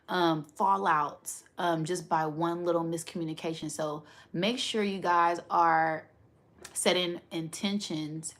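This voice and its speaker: A woman hosting a spiritual livestream, talking casually and animatedly, laughing often and asking right after her points. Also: on the low side.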